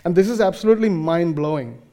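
Earnest preacher man, mellow voice. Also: high-pitched, fast talker. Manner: earnest, emphatic, with frequent fillers and restarts. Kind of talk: sermon.

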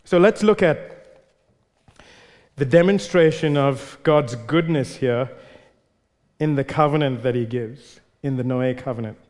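A man's voice: medium pitch, unhurried, pauses often, darkish tone. A man preaching a sermon, emphatic, repeating words for stress as he leads a congregation through a passage. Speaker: pastor. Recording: long reverb of a large hall.

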